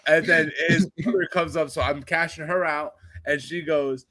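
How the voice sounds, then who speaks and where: A man's voice: fairly high pitch, moderate pace, few pauses. A man in his twenties from Florida, telling a profane anecdote in a casual chat and acting out the people in it. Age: 20s. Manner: animated, profane, acts out voices in anecdotes. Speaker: podcast host. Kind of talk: casual storytelling.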